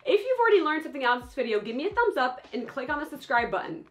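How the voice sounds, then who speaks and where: A woman teaching French, speaking lively and repeating words slowly for learners. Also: sits high, soft background music. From France. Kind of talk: language lesson.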